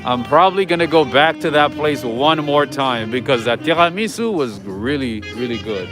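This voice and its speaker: A man's voice: medium pitch, lively intonation, normal speed. Chatty man streaming a street walk. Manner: chatty, greets and answers viewers' comments. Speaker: livestream host. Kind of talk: casual live walking-tour chat. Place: outdoors on an old-town street at night. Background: jazz music playing nearby.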